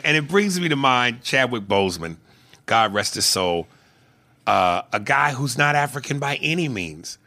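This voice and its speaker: A gravelly-voiced man co-hosting a casual movie podcast, his pitch swooping all over as he rants. He talks with profanity and breaks into mocking impressions, with a bright, sharp edge to the voice. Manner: animated, profane, does mocking impressions, shouts when riled. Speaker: podcast co-host.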